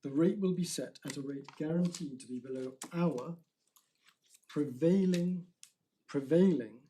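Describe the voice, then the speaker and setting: A man arguing an appeal before judges in a courtroom, speaking formally, measured and deliberate, often restarting his phrases. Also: on the high side, mellow, slight background noise.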